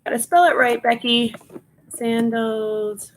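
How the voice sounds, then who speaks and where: A woman's voice: on the high side, fairly even intonation, takes it slowly, a little hiss or hum. Chatty woman streaming from Long Island. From Long Island, New York. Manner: chatty, laughs often, talks to viewers, reads out item details. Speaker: reseller livestream host. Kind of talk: casual livestream chat while processing inventory.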